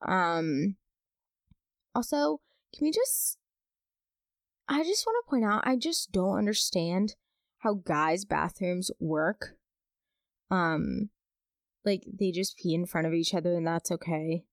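A young woman hosting a podcast, chatting casually and reading listener stories aloud with expressive, dramatic emphasis. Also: fairly low pitch, slow, pauses often, no echo, studio quality. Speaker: podcast host.

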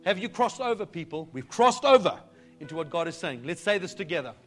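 Male pastor, high voice, fervent sermon delivery, faint music underneath. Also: big pitch swings, a little fast. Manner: fervent, building declarations to shouts. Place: church service.

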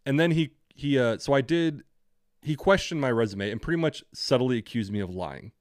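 A man's voice: medium pitch, expressive, moderate pace, no echo, studio quality. A young man telling a story on a podcast, swearing freely and acting out both sides of the conversation. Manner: profane, ranting, acts out both sides of dialogue. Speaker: podcast co-host. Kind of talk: casual storytelling chat.

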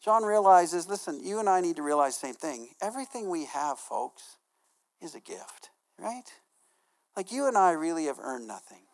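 A man's voice: sits high, very animated, moderate pace. A male pastor preaching in a casual, conversational way, full of fillers and repeated words, often putting questions to his congregation. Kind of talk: conversational sermon.

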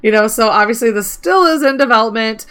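A woman's voice: on the high side, lively intonation, brisk, fairly bright tone, smooth. A woman co-hosting a casual gaming podcast, chatty, reading out mod notes and asking guests questions. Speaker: podcast co-host.

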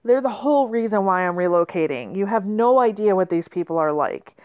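A woman's voice: mid-range voice, animated, brisk, clear, resonant tone, lightly acted. A woman voicing a bitter young man traveling to a new town, complaining about the people he left behind. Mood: exasperated. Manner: complaining, exasperated. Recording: slightly muffled lo-fi.

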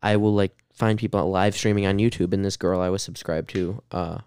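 Young man, low voice, dry recording, casual rambling chat. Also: steady tone, a little fast, a little mellow, clean tone, no room sound. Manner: rambling, laughs often, many fillers. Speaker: podcast co-host.

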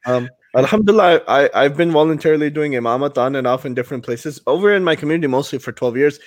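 A man's voice: a little high, animated, quick pace, no room sound. Earnest male podcast host, dry sound. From Pakistan. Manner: earnest and emphatic, retelling his own sermon points. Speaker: podcast host and volunteer imam. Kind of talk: casual podcast conversation.

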